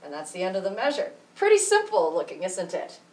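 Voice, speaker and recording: A woman music teacher explaining rhythm slowly and patiently, counting beats out loud. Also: on the low side, huge pitch swings, far from the mic. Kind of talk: rhythm tutorial with counting aloud. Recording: echoey room, voice from off mic.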